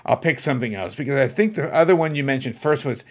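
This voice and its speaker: A man hosting his own podcast, telling a personal story in an earnest, reflective way that turns animated when he gets excited. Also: mid-range voice, quick pace. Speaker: podcast host. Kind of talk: casual storytelling monologue.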